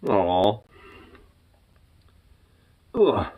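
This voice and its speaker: A man's voice: on the high side, animated, a little slow, long pauses, rough recording. A man talking casually to his pet dog, teasing and exasperated, swearing freely. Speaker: dog owner.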